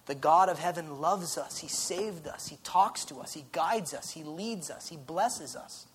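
A man preaching a sermon in an earnest, conversational way, dropping soft and then rising loud. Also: a little high, unhurried. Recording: faint background noise.

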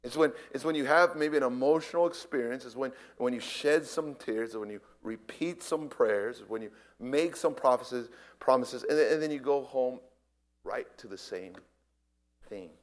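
A man preaching a sermon, swinging between hushed whispers and loud impassioned cries, often repeating his words. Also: medium pitch, normal speed.

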